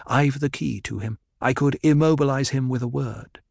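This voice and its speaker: A man's voice: medium pitch, moderate pace, vocal fry, darkish tone, no echo, clean studio sound, voice pushed up. A man voicing a fierce, protective noblewoman with an intense, commanding manner. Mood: anxious.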